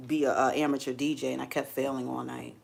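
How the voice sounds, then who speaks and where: Gravelly-voiced woman chatting on a livestream. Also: a bass voice, little pitch movement, fast talker, darkish tone. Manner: candid, rambling, openly emotional. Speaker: livestream host. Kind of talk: casual livestream chat. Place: home streaming setup under bright lights.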